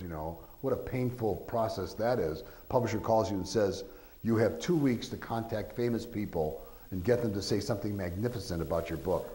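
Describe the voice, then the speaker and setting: Low-voiced man telling rambling anecdotes. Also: a little mellow, low-quality recording. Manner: rambling, storytelling, many filler phrases; acts out quoted voices. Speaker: author speaking to an audience. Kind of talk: informal talk with anecdotes.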